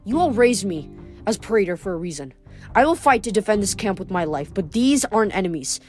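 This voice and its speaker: A woman's voice: mid-range voice, brisk, soft background music, natural voice. Woman voicing a firm teenage boy leader. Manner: firm, even delivery.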